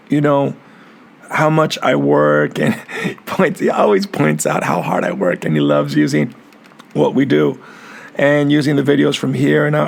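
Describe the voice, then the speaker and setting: A middle-aged man hosts his own podcast in a solo, reflective monologue. His voice is strongly gravelly with constant vocal fry, sitting a little high for a man. He talks earnestly, often repeating words as he gathers his thoughts. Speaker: capoeira master and podcast host.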